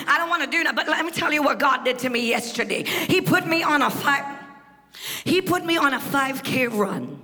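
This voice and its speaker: Trinidadian woman preacher, high bright voice, swings from hushed asides to shouted testimony, long church-hall reverb. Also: animated, normal speed. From Trinidad and Tobago. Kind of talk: sermon. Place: large church hall on stage.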